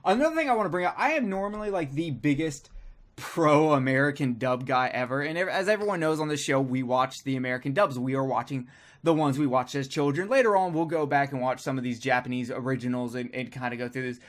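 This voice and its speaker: A man's voice: medium pitch, lively intonation, fast. A man co-hosting a podcast, rambling and joking crudely in casual banter with friends. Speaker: podcast co-host.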